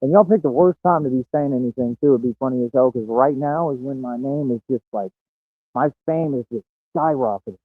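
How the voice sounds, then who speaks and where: A brash man brags through a boastful livestream monologue and keeps laughing at his own lines. His voice sits at an ordinary middle pitch. The audio is tinny and phone-like, with a dry, close sound. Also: brisk, dry recording. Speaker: streamer.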